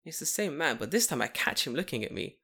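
A young man telling a long story in casual chat, profane and animated, acting out what people said. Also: a little high, fast talker, slightly rough. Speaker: podcast co-host telling a story.

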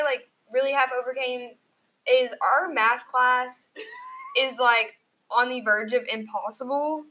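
A teenage girl co-hosting a casual group podcast, talking fast and loose with lots of "like" as she tells stories. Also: high-pitched, poor audio. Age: teens. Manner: animated, heavy use of "like", breathless storytelling. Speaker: podcast co-host, high school student.

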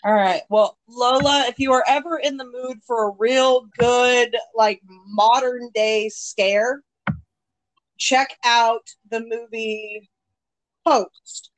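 A woman hosting a podcast in casual chat, talking in a relaxed, drawn-out way. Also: on the high side, slight background noise, rough recording. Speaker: podcast host.

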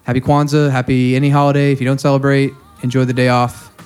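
A man's voice: medium pitch, level tone, fast, darkish tone, clear, resonant tone, faint music behind. A man co-hosting a podcast, riffing with raunchy, jokey humor. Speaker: podcast co-host. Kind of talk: crude comedic chat.

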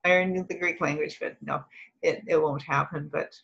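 An older woman chatting casually with her family, drifting from memory to memory as she tells a story. Her voice sits low for a woman, relaxed and unhurried. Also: gravelly, dull audio. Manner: rambling, reminiscing storyteller. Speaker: guest, host's mother. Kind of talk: casual chat.

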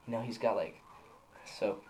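A man's voice: fairly low pitch, moderate pace, warm tone, a little hiss or hum, rough recording. A young man co-hosting a podcast, telling a story in rambling casual chat with lots of fillers and restarts. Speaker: podcast co-host.

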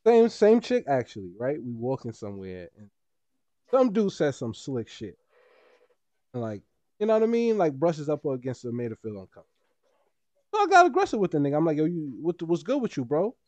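A man's voice: a little high, wildly swooping pitch, brisk, dark tone, no echo, dull audio. A young man co-hosting a podcast, telling stories in casual chat and acting out the people he quotes. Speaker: podcast co-host.

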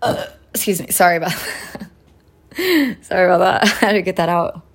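A woman in her late twenties hosting a solo podcast, talking loosely and profanely with lots of fillers, relaxed as she sips tea between thoughts. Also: lowish voice, moderate pace, husky. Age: late 20s. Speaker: podcast host. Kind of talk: casual solo chat.

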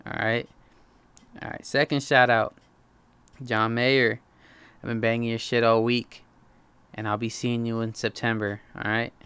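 A young man casually reviewing movies in a slangy, animated way, swearing freely. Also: mid-range voice, measured pace, long pauses, clear, resonant tone. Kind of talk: casual profane chat.

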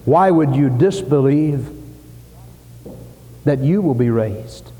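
A man's voice: mid-range voice, expressive, slow, pauses often, warm tone, big-room sound. A man preaching a sermon at a church service, emphatic, repeating phrases for stress. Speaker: pastor.

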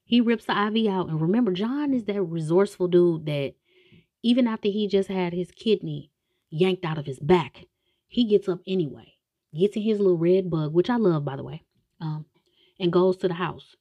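A woman casually retelling a story with comedy, slangy and animated, with many asides. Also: lowish voice, moderate pace, dry recording, highs cut off. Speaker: show recapper.

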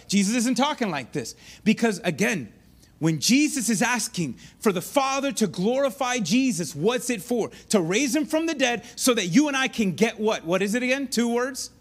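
A man preaching a sermon as pastor, talking to his congregation casually and with energy, often dropping to a hushed voice for emphasis. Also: high-pitched, fairly quick. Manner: animated, conversational preaching with sudden drops to a hushed voice.

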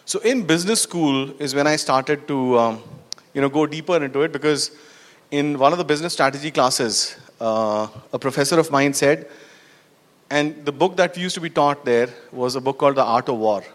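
A man's voice: fairly high pitch, normal speed. A man giving a storytelling talk to an audience, asking them questions and dropping in frequent "you know" and "right". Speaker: conference speaker. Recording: long hall reverb.

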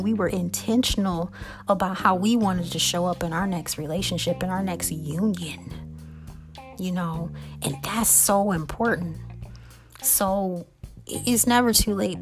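Woman host, faith-based motivational monologue, earnest and heartfelt, natural middle voice, light music bed. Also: mid-range voice. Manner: earnest, keeps checking in with the listener. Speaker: podcast host.

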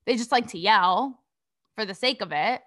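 A woman's voice: mid-range voice, expressive, moderate pace, fairly bright tone. A young adult woman from Connecticut hosting a podcast, delivering blunt, sassy commentary full of swearing and rhetorical questions. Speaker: podcast host. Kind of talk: casual commentary monologue.

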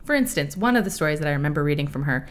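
A woman in her thirties hosting a podcast, chatting candidly and laughing often, with a profane, animated way of telling stories. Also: low-pitched, very fast, a little hiss or hum. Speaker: podcast host. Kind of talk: casual podcast chat.

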